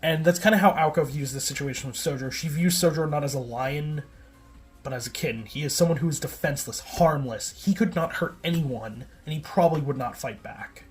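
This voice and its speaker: A man's voice: a little high, fairly quick. Rambling man with faint music behind. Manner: rambling, self-correcting, filler-heavy. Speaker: video essayist. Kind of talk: casual rambling recap.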